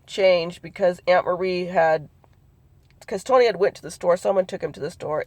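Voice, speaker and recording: Gravelly middle-aged woman recalling memories. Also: lowish voice, darkish tone, no room sound. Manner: hesitant, rambling, many ums and restarts; acts out quoted relatives in her telling. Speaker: family storyteller. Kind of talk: personal recollection.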